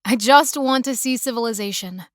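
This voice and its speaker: A woman's voice: on the high side, moderate pace, no room sound, clean studio sound, close to an everyday voice. A woman voicing a stranded city woman who talks in a guarded, stiff, precise way. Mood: wary.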